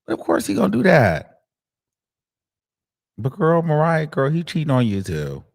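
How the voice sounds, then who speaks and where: Animated, profane male commentary host. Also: on the high side, moderate pace, creaky, big-room sound. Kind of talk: casual commentary.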